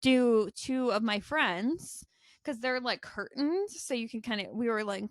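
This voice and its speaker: A woman with a Maine accent tells a story in a chatty, playful way on a podcast. Her voice sits a little high. It comes through a dry, close mic. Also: expressive, a little slow, no room sound. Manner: chatty, storytelling, giggly asides. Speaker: podcast co-host. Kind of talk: casual chat.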